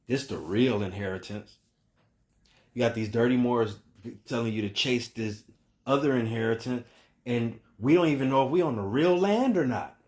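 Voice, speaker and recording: A man preaches in a rhythmic monologue, stacking repeated refrains into emphatic builds. His voice sits at an ordinary middle pitch for a man. He swings from loud, raised lines to low, hushed ones. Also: moderate pace. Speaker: spiritual teacher.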